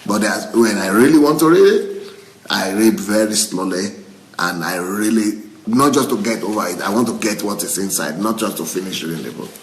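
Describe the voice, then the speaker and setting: A middle-aged male pastor, reading viewer comments aloud on a livestream, laughing often and breaking into excited exclamations. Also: fairly low pitch, moderate pace, a little hiss or hum. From Nigeria.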